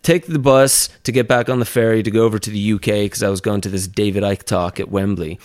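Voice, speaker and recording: A young man, a documentary maker on a speaking tour, tells a personal story as a podcast guest, with lively laughs and filler words. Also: fairly low pitch, fast talker, no room sound. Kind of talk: casual storytelling in an interview.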